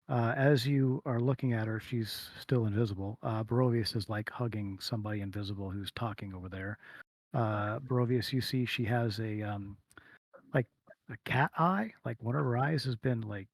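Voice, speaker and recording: A man's voice: mid-range voice, normal speed, no echo. A man narrating as game master of a streamed tabletop game, rambling with fillers and humming to himself. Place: home streaming setup.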